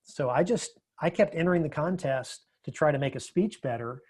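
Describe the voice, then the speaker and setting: A man speaking as a podcast guest, telling his story in a reflective, measured way, often restarting his sentences. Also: a little high, lively intonation, a little mellow, husky. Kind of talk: casual interview conversation.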